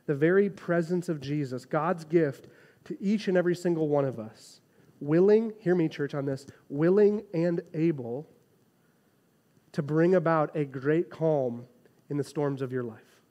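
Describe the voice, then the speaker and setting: Animated preaching man, higher voice. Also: unhurried, highs cut off. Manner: animated, conversational preaching with frequent "right?" asides. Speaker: pastor. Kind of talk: sermon.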